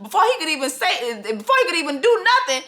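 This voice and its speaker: A woman rants through a comedic TV recap, her voice high and bright. She swears freely, laughs often and acts out the characters in quick bursts. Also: big pitch swings. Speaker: recapping a TV episode.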